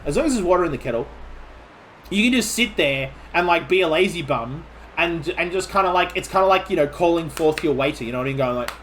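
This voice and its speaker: An Australian man from Melbourne rambles through a casual stream chat, his voice sitting a little high. He restarts his sentences and leans on "like" as he talks. A faint hiss of ambient noise stays under him. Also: animated, fast, a bit bright. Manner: rambling, chatty, full of "like" and restarts. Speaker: game streamer host.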